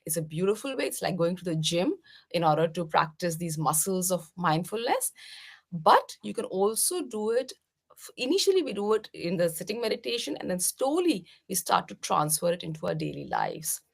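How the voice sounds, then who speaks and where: Low, gravelly-voiced woman from India. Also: huge pitch swings, moderate pace. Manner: gentle, explanatory, many "uh" fillers. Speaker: meditation teacher, guest. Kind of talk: podcast interview answers.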